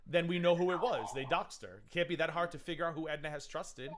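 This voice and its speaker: A man's voice: on the high side, quick pace, a crowd in the background. A man hosting a livestream panel, ranting angrily and swearing a lot. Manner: angry profane ranting.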